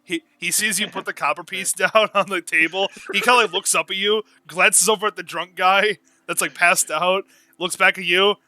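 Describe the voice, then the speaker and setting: A man's voice: high voice, steady tone, normal speed, bright, forceful tone, no room sound. A young man running a tabletop game as game master, rambling and often searching for words.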